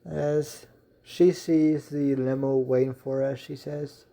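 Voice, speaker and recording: A man narrates his self-written fan story in a halting way, full of ums and restarts. His voice is dark and gravelly, with a slightly higher pitch that hardly rises or falls. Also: level tone.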